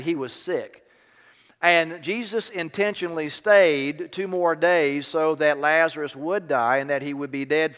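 A man's voice: fairly high pitch, fairly bright tone, clear, resonant tone. Preaching man in a reverberant church. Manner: storytelling, rising to emphatic preaching. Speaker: pastor. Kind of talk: sermon.

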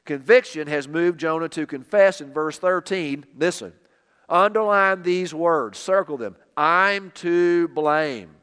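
A man preaching a sermon with emphatic, repeated phrases, dropping quiet on key lines. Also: on the high side, expressive, measured pace, smooth. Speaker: pastor. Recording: long reverb of a hall.

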